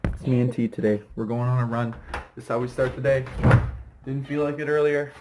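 A man's voice: medium pitch, steady tone, brisk, noisy background. Playful man vlogging to camera. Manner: playful, joking, hums and sings silly sounds. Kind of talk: casual vlog to camera.

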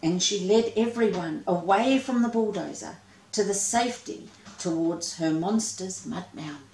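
Slow woman reading a children's story. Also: on the low side, gravelly, a little mellow, roomy sound, a little hiss or hum, low-quality recording. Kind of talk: children's story read-aloud.

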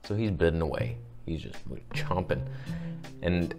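A man's voice: a little slow, gravelly, faint music behind. A man telling a story in a casual vlog, acting out what people said with big jumps in his voice. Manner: animated, acts out quoted dialogue with big pitch jumps. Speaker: camera YouTuber.

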